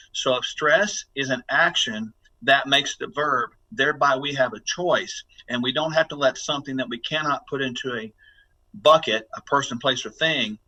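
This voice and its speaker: A man's voice: medium pitch, bright, forceful tone, rough recording. A man speaking as a guest health expert on a podcast interview, talking in an emphatic, instructive way as he coaches listeners.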